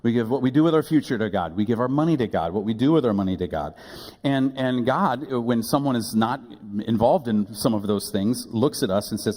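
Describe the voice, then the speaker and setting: A man's voice: mid-range voice, expressive, brisk, a little mellow. A male pastor giving a conversational sermon, mixing humor with quoted voices to a church congregation. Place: church sanctuary with live audience. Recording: long hall reverb.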